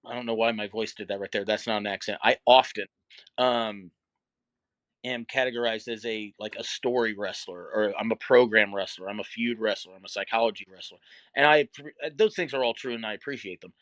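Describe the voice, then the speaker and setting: A man's voice: lowish voice, fairly quick, a bit bright, dry recording. A middle-aged man, a wrestler guest, talking candidly and reflectively in a casual interview, with many fillers.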